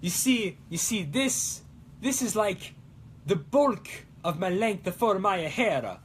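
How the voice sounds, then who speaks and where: Young male cosplay-show host, high-pitched, playing up a silly mock Italian accent while chatting loosely. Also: expressive, slow pace, slight background noise. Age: young adult. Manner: hammy put-on Italian accent; goofy, rambling, self-mocking. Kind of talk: casual livestream chat, reading comments.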